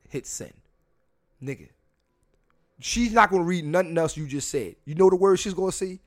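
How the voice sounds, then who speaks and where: A man's voice: fairly high pitch, a little fast. A man hosting a casual solo podcast from a room at home, blunt and profane, often repeating himself and restarting as he talks straight to his listeners. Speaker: podcast host. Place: home room near a window.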